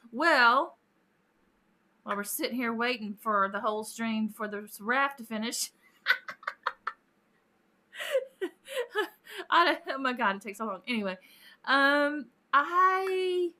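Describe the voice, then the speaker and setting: A woman's voice: on the high side, pushed and bright. A woman hosting a casual live stream, chatting with viewers, greeting them by name and laughing often.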